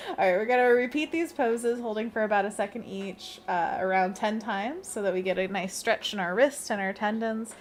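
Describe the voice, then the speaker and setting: A woman's voice: mid-range voice, measured pace, slight background noise. A woman hosting a casual art livestream, chatting and giggling as she reads chat aloud and talks to herself while she draws.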